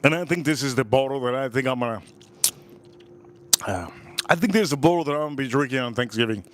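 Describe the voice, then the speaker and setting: A man's voice: mid-range voice, animated, fast, a bit bright, slight background noise. A man reviewing whiskey in casual live-stream chat, enthusiastic and repeating his phrases.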